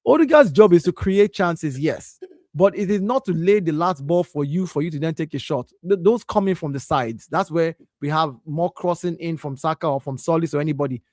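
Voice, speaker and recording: A man with a high voice pushes his argument in a lively football debate. He is insistent and keeps restarting his sentences when he gets cut off. The sound is dry and close, with no room echo. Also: a little fast. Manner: insistent, argumentative, repeats himself when interrupted. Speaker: co-host of a football talk stream.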